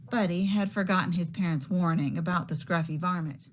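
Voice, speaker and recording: A woman teacher reading a picture book aloud to children in a slow, expressive storytelling manner. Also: on the low side, a little hiss or hum.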